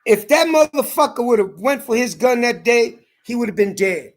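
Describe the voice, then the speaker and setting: A man tells a story in an angry, profane rant. He talks heatedly and breaks into shouts. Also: extremely high pitch, lively intonation, normal speed. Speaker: ranting commentator.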